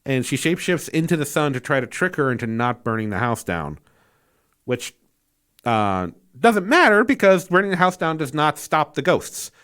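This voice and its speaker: A man's voice: a little high, big pitch swings, normal speed, fairly bright tone, smooth. A man giving a casual spoken movie review, incredulous and exasperated, rambling with fillers and restarts and swearing freely.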